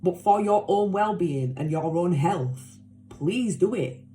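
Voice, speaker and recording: A woman's voice: on the low side, lively intonation, slow, warm tone, faint music behind. A woman giving a casual tarot reading to her viewers, talking emphatically and bluntly, swearing, repeating herself and caring. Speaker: tarot reader.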